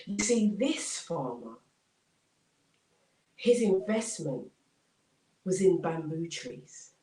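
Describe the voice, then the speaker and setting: A woman's voice: fairly low pitch, sing-song, very slow, warm tone. A woman motivational speaker telling an inspirational story with dramatic repetition. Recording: roomy, distant mic.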